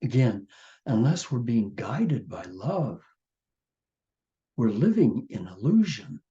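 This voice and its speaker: A man leads a gentle spiritual reflection, slow and mellow, often repeating his phrases. His voice comes over a video call, so the sound is muffled and lo-fi. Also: mid-range voice, big pitch swings. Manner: gentle, repetitive, meditative. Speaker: spiritual teacher and host. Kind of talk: sermon-like reflection and reading.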